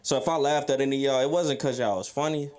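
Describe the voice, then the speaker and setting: A man's voice: mid-range voice, fairly even intonation, fast, a little mellow. A drunk man doing a crude, rambling open mic stand-up set on a comedy club stage, roasting the crowd. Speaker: stand-up comic.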